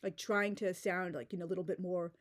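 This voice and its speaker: A woman's voice: fairly low pitch, fairly even intonation, a little fast. A woman giving a casual, exasperated critique of a book, talking loosely with many fillers and restarts. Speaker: book reviewer.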